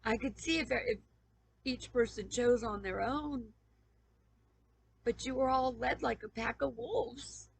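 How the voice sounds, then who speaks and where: A woman's voice: fairly high pitch, slow pace, pauses often, low-quality recording. A woman YouTuber in an emotional personal appeal to camera, pleading and stammering with repeated questions, on the verge of tears. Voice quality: raspy, gravelly.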